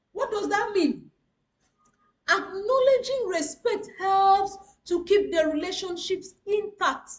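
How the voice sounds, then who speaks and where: Woman, webinar speaker: very high voice, slow deliberate emphatic delivery, roomy echo. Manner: emphatic, repeats key phrases, addresses audience directly. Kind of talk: motivational webinar lecture.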